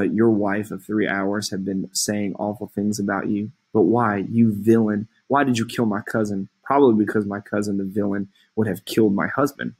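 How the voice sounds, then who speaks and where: A man reading aloud the lines of a lovestruck, torn young woman in a plain, unhurried voice. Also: lowish voice, slightly rough.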